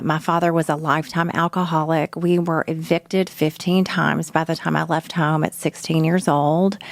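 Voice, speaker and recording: Gravelly low-voiced woman storyteller. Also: no room sound. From Nashville, Tennessee. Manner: animated storyteller who acts out quoted voices. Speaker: children's therapist. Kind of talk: personal storytelling.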